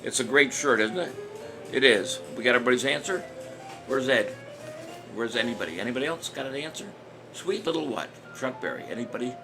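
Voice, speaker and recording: A man's voice: mid-range voice, expressive, fairly quick. An older man casually hosting a live-stream trivia show, chatty and jokey, chuckling at his own jokes. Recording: music playing under the voice.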